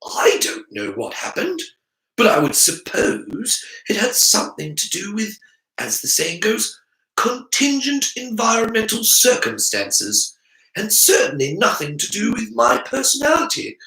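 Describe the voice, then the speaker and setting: A man's voice: high-pitched, huge pitch swings, unhurried, vocal fry, bright, forceful tone, reverberant, voice pushed up, exaggerated voice, rough recording. A man voicing an earnest, analytical boy wizard who explains things in a lecturing way. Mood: frustrated.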